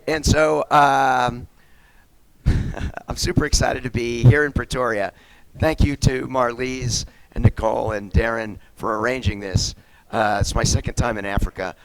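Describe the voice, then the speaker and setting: A man's voice: mid-range voice, no echo, poor audio. An American man with a slight cold, speaking at a conference in a chatty style and often checking in with "right?". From United States. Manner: chatty, keeps asking "right?". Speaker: keynote speaker. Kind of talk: lively conference talk. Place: conference venue.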